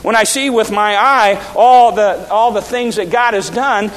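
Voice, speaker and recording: A man's voice: sits high, a little slow, fairly bright tone, big-room sound, poor audio. A male pastor giving an earnest sermon in a church, often restarting and repeating his words.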